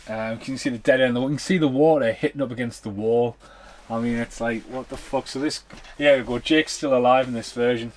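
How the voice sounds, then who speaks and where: A man's voice: medium pitch, steady tone, fairly quick. Sweary man giving blunt film commentary. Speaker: podcast host.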